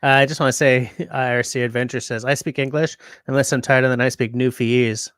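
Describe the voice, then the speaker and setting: A man's voice: mid-range voice, steady tone, fairly quick, a bit bright, clear, resonant tone, dry recording. Guy rambling and joking on his livestream, mid voice, dry mic. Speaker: livestream host. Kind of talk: casual livestream chat.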